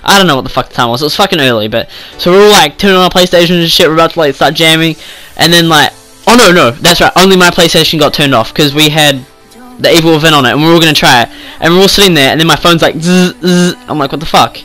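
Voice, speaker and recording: A man's voice: fairly high pitch, very fast, bright, forceful tone, soft background music, poor audio. A teenage boy telling a rambling story in casual chat, swearing often and filling with "like". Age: teens. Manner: rambling, swears freely, lots of "like". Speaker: vlogger.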